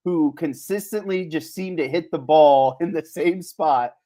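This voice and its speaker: A man co-hosting a podcast in casual sports chat, animated and laughing often. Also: fairly high pitch, a little slow. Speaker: podcast co-host.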